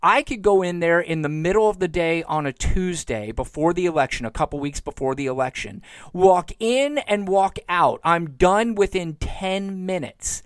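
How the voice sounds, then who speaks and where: A man's voice: high voice, animated, moderate pace, smooth, no echo. A man from Florida hosting a solo political podcast from home, sarcastic and getting worked up as he goes. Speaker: podcast host. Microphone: home recording mic.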